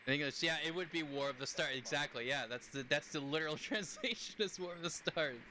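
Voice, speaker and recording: A young man with a very bright, fairly high voice chats loosely while he plays, rambling from thought to thought and breaking into laughter. A faint hiss sits under his voice. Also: a little fast. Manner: rambling, chatty, laughs often. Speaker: game streamer. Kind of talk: casual live-stream chat while playing.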